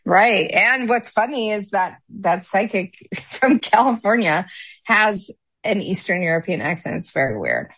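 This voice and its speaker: A woman co-hosting a podcast, telling stories in a lively way and laughing often. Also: medium pitch, a little slow, slightly rough, no room sound. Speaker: podcast co-host. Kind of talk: casual podcast chat.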